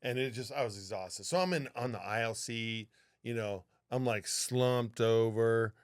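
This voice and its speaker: Animated, profane man telling stories. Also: mid-range voice, unhurried, clean tone. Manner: animated, profane, acts out what people said. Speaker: podcast co-host, flight attendant. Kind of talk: casual podcast storytelling.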